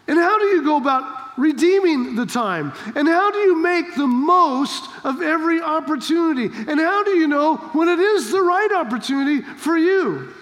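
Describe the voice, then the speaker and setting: A pastor preaching an emphatic sermon, full of rhetorical questions and rising to shouts. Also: male voice, very high-pitched, lively intonation, moderate pace, few pauses. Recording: long hall reverb.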